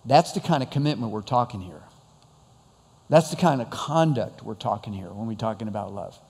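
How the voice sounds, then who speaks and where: A man's voice: fairly low pitch, animated, normal speed, darkish tone, husky, long reverb tail. A man preaching a conversational sermon to his congregation, asking rhetorical questions. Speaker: pastor.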